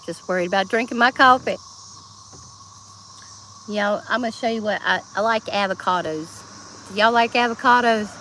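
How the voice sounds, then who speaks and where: A woman's voice: medium pitch, bright, forceful tone, slight background noise. A woman from Georgia with a Southern accent, chatting casually to viewers in a live stream, laughing often and bursting into snatches of songs. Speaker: livestreamer. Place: outdoors. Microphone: phone.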